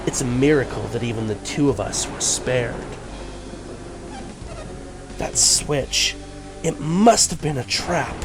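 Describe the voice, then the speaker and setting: A man voicing a grim adult male villain from a video game in a low, solemn and measured tone. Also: animated, music in the background. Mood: grave.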